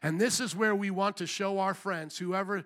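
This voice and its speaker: High, bright-voiced preaching man. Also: moderate pace. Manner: emphatic, rising to shouted calls for amen. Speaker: pastor. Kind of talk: sermon.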